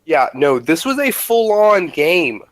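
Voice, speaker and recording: A man's voice: fairly high pitch, sing-song, slow pace, a bit bright, no echo, low-quality recording. A man co-hosting a podcast, chatting casually and enthusiastically with lots of "like" fillers. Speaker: podcast co-host. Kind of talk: casual chat.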